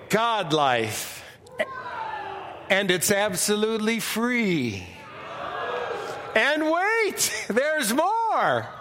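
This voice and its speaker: A man voicing an excited male game-show announcer, with a showy, drawn-out delivery. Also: very high-pitched, background noise, full character voice.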